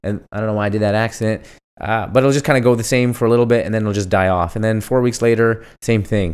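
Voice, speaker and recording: Man, low voice, smooth, casual podcast host, jokey rhetorical questions. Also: quick pace. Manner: asks himself questions and answers them, jokey and animated. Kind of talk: casual solo podcast monologue.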